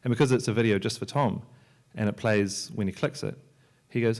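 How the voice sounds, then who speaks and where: Low-voiced man giving a joking panel talk. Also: brisk, a little mellow. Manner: joking, loose, with many restarts and fillers. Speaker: panel speaker, software entrepreneur and filmmaker. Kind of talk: conference talk. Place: lecture hall at a library.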